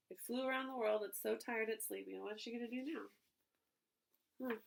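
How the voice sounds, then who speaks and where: A woman, a preschool teacher, reading a storybook aloud to children in an animated way, pausing to ask them questions. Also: on the high side, creaky, low-quality recording. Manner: animated, asks listeners questions.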